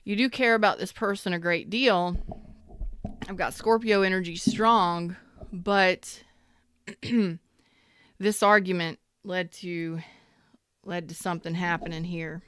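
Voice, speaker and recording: A woman's voice: on the low side, steady tone, slow pace, pauses often, a bit bright, clear, resonant tone. A woman giving a casual tarot reading, repeating herself emphatically and sometimes swearing. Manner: repetitive and emphatic, swears when worked up. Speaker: tarot reader.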